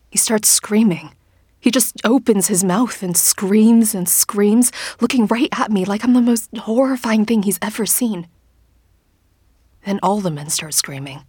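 A woman narrating a first-person story in an audiobook, in a hushed, often whispered, intimate delivery. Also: medium pitch, breathy edge, dry recording, studio quality.

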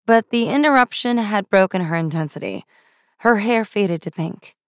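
A woman narrating a first-person fantasy story in a wry, brisk way. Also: medium pitch, expressive, no echo, studio quality. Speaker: audiobook narrator.

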